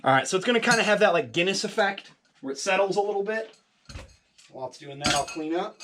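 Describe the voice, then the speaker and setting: A man's voice: sits high, expressive, fast, background noise. A man hosting a casual home cocktail vlog, chatty and jokey, with lots of fillers and a slightly out-of-breath delivery. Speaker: home cocktail video host.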